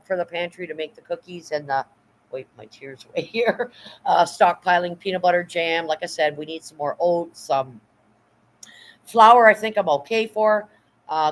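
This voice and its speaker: A middle-aged woman talks casually to her viewers on a live stream at home, her voice sitting a little low. She rambles warmly through what she has stocked, thanking people and getting choked up at their kindness. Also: rough recording. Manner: chatty and emotional, thanking viewers, near tears. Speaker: livestreamer.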